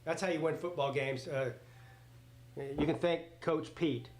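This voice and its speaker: Chatty guy live-reacting to a football game, a bit high voiced, echoey room. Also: a little slow. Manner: rambling, excitable, swears casually. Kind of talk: casual live play-by-play reaction. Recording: roomy echoey home setup.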